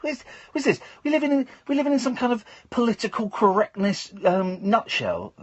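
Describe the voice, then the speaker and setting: A man hosts a late-night radio show, rambling and joking as he trips over his words. His voice is a little husky, and his pitch swings up and down a lot. It sits slightly higher than most men's. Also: sing-song, a little fast, lo-fi sound. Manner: rambling, jokey, stammering. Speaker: radio host. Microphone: studio microphone.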